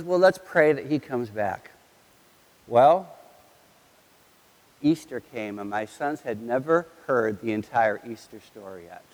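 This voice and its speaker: A middle-aged man preaching a sermon as a pastor, telling a family story with animated delivery and acting out his sons' lines. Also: fairly high pitch. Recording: long hall reverb.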